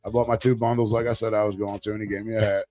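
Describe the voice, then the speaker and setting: A man with a lowish voice tells a story on a live talk show. He rambles and swears freely, with animated retellings. Faint music plays underneath. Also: racing. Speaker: podcast co-host. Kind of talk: casual storytelling chat.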